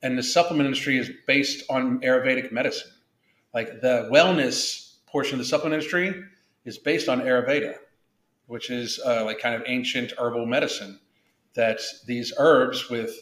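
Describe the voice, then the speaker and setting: A man's voice: mid-range voice, fairly even intonation, moderate pace, fairly bright tone, reverberant. A man hosting a casual podcast, blunt and profane, rambling with frequent restarts. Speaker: podcast host.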